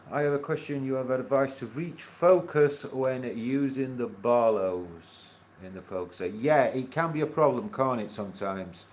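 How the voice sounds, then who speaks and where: A man hosting a casual astronomy livestream, rambling and halting with many fillers and chuckles. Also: medium pitch, a little mellow.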